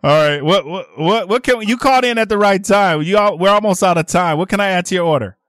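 A man hosting a radio shopping call-in show, energetic and laughing often as he pushes deals to callers. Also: sits high, fast talker, dry recording, studio quality. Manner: energetic, laughs often, animated sales patter. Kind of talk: lively radio call-in selling. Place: radio studio.

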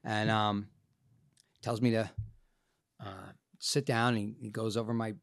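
A man, an actor and podcast guest, telling a personal story in a casual, animated and profane way, acting out the people in it. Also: on the low side, measured pace, gravelly, dry recording, clean studio sound.

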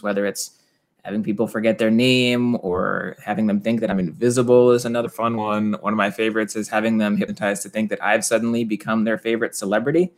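A man who works as a stage hypnotist, telling stories in an interview in an animated way, often laughing and acting out voices. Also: on the low side. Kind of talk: conversational interview storytelling.

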